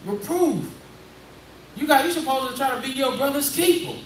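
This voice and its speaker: A man's voice: very high-pitched, expressive, normal speed, a little hiss or hum. A man preaching in a conversational call-and-response style, prodding a reader through a Bible passage and repeating his points. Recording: echoey room, distant mic, faint ambience.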